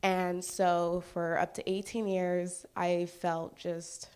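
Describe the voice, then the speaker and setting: Young woman, lowish voice, earnest and a bit unsure, live storytelling. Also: level tone, slow, clear, resonant tone. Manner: soft, hesitant, earnest.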